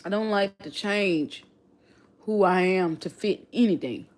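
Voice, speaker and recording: A woman's voice: on the low side, measured pace, a little mellow. A woman with a regional accent chatting casually on a livestream, reflective and often repeating and restarting her phrases. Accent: non-local regional accent. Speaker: livestream host.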